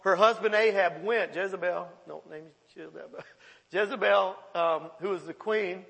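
A pastor delivers a folksy, animated sermon, retelling an old story with quick asides and laughter. His high voice has a gravelly fry, and a long reverb carries it through the church.

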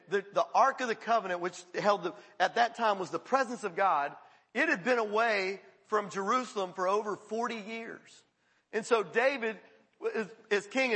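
A male pastor preaches in a relaxed, chatty way and slips into quick acted voices. His voice is high and bright with a husky edge. It rings out with a long hall reverb. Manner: conversational, acts out quoted voices, laughs often. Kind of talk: sermon.

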